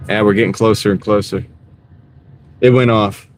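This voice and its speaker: A man chatting casually on a live stream while he drives deliveries, greeting viewers by name in a relaxed, rambling way. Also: on the low side, moderate pace, soft background music. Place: inside a moving car. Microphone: wireless clip-on mic. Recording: clear car road noise. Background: car and road noise.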